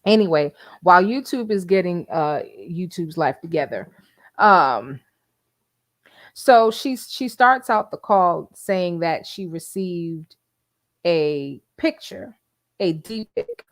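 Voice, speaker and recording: A woman's voice: fairly low pitch, animated, slow, dry recording, studio quality. An older woman hosting a casual livestream, chatting and gossiping with frequent laughs. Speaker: YouTube host.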